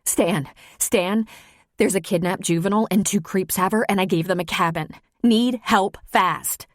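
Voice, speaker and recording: A woman's voice: medium pitch, moderate pace, dry recording, studio quality, lightly acted. A woman reading an audiobook, voicing a frightened young woman who runs a camp store, urgent and pleading.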